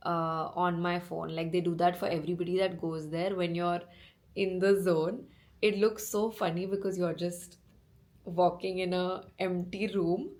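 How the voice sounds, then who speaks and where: A young woman from India vlogging casually from a hotel room, chatty and gushing, talking through a cold and sore throat. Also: fairly low pitch. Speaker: travel vlogger. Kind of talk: casual travel vlog.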